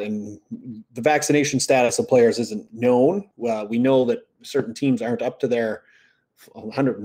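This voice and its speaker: A man's voice: mid-range voice, darkish tone. A man co-hosting a casual sports chat, agreeable and rambling, with frequent fillers. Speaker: co-host.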